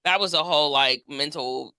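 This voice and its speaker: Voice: mid-range voice, normal speed, pushed and bright, dry recording. A podcast host in casual conversation, affirming the guest often and adding their own thoughts. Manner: affirming, frequent "yeah".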